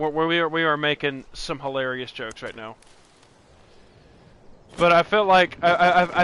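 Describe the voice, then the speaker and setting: This young man runs a gaming channel and keeps up casual let's-play chatter while playing, full of laughter, rambling and restarted sentences. His voice sits on the high side and is bright, forceful, clear and resonant.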